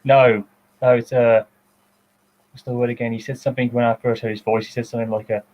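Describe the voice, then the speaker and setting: A man's voice: mid-range voice, level tone, fast, a little mellow, low-quality recording. A man giving director's commentary in a chatty way, often fumbling for words. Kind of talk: casual commentary.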